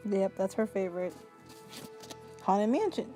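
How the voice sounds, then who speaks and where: A middle-aged woman co-hosting a family podcast, telling stories in an animated, chatty way. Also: mid-range voice, measured pace, faint music behind. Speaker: podcast co-host, mother. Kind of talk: casual family chat.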